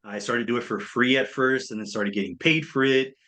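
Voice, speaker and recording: A man's voice: medium pitch, brisk. A man in his thirties, a speaker and coach, telling his story in an interview and acting out the voices of people he quotes. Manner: animated, acts out quoted voices.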